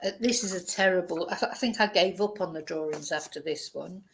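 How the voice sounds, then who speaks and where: A woman teaching vocabulary in a bilingual lesson, slowly repeating words to drill their pronunciation. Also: fairly low pitch, gravelly, slight background noise, low-quality recording. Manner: slow, careful pronunciation drills. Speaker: language teacher.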